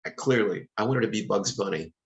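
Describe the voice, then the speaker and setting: A man's voice: fairly low pitch, fairly quick, gravelly, dull audio, slight background noise. A man hosting a podcast, chatting casually and playfully, laughing often. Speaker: podcast host. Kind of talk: casual chat.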